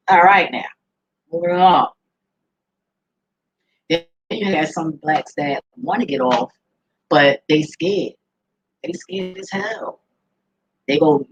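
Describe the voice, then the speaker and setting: A woman's voice: on the low side, creaky, slightly rough, no echo, muffled recording. A woman ranting to camera in a blunt, profane way, often laughing as she talks. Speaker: vlogger. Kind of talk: casual ranting monologue to camera.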